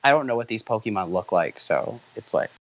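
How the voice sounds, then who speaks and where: A young man reading fanfiction aloud to friends on a call, tripping over creature names and backing up to fix them. His voice is mid-pitched and sounds close and dry, with no room around it. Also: animated, brisk, fairly bright tone, no room sound, rough recording. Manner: stumbles on names, restarts. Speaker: fanfiction reader. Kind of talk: casual read-aloud with friends.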